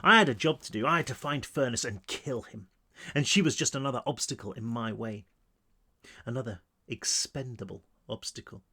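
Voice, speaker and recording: A man reading his own novel aloud in the first person, expressive and conversational, at home. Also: normal speed, slightly rough. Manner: expressive reading with wide pitch swings, asides to listeners. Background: child screaming downstairs.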